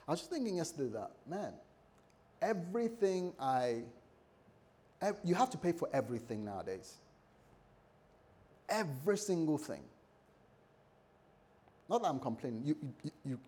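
In a spirited sermon, a male pastor with a mid-range voice speaks at a normal pace but pauses often. He gives the scripture characters their own shifting voices and adds joking remarks.

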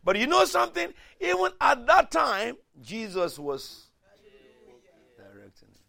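Dramatic preacher man with a gravelly voice. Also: high voice, sing-song, normal speed. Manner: dramatic preaching, swinging from hushed to shouting. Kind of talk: sermon.

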